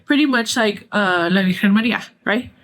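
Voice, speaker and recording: A woman's voice: mid-range voice, normal speed, fairly bright tone. A woman with a Mexican-American accent hosting a podcast, telling gossipy stories in casual chat, blunt, sarcastic and full of swearing. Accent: Mexican-American English with Spanish phrases. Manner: candid, profane, gossipy, sarcastic. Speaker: podcast host.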